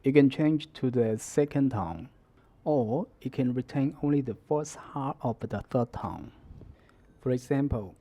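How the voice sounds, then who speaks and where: A man teaching a Mandarin lesson, explaining the tones in a measured, deliberate way. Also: mid-range voice, mellow, muffled recording. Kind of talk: scripted language lesson.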